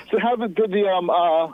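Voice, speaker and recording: An easygoing male caller teasing the hosts from a phone-in line. His mid-range voice comes through dull and muffled. A faint hiss runs under it. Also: sits high. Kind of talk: phone-in chat.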